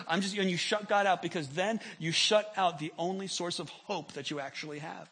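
This pastor's sermon is heated, built on repeated words and prayers that approach shouting. He speaks in a high, husky voice at a moderate pace, with few pauses.

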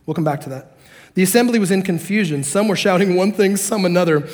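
A man preaching a sermon to a congregation, animated and joking, acting out the characters in the story. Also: sits high, fast. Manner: animated, acts out quotes, jokes with the congregation. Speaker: pastor.

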